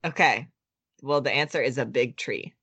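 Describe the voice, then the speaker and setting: A man's voice: medium pitch, moderate pace, sharp tone, slightly rough, no room sound. Young man, dry close podcast voice. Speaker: podcast host. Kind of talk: casual chat.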